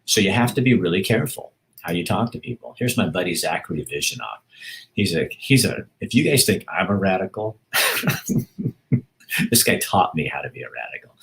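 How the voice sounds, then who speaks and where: A man's voice: low-pitched, lively intonation, moderate pace, vocal fry, fairly bright tone. A man hosting a livestream, chatting casually and reading out viewer comments, often rambling and breaking off mid-sentence with laughs. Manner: rambling and self-interrupting, with laughs. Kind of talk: casual chat.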